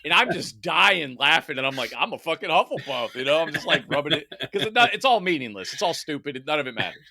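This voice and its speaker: A man co-hosting a casual podcast over remote mics, chatty and quick to laugh, swearing freely. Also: on the high side, sing-song, creaky, bright, forceful tone, slight background noise. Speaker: podcast co-host.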